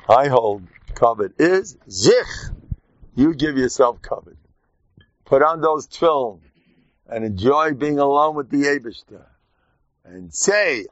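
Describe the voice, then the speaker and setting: A man giving an informal, joking Torah talk to his class, lively and animated. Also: on the high side, dry recording. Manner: animated, jokey, mixes Yiddish and Hebrew terms. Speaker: rabbi teaching a class. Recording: dull dry lo-fi sound.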